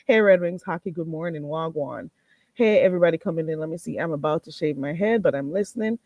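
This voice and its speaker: A woman's voice: sits low, quick pace, darkish tone, no echo. A woman hosting a casual livestream, talking bluntly and swearing freely, reading and answering her chat. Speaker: livestream host.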